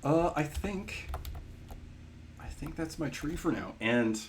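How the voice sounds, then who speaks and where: A man's voice: a little high, lively intonation, takes it slowly. A man streaming live, chatting casually with viewers while he plays, rambling and often breaking into laughter.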